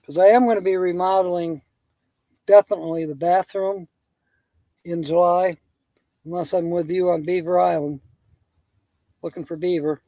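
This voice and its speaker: A man's voice: high voice, fairly even intonation, normal speed, long pauses, mellow, no echo. A man hosting a live stream, rambling through casual chat and telling jokes while chuckling at them.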